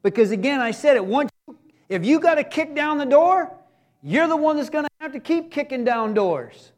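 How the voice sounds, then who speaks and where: Male pastor, very high voice, folksy sermon, shifts from punchy emphasis to near-whispered asides. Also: big pitch swings, moderate pace. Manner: swings between emphatic raised delivery and hushed, quiet passages; folksy, joking asides to the congregation.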